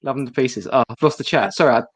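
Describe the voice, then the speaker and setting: A man's voice: mid-range voice, fast talker, slightly rough, no echo. A man co-hosting a live podcast, chatting casually and often laughing through his words. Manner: giggly, talks through laughs. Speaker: podcast co-host. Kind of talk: casual chat on a live stream.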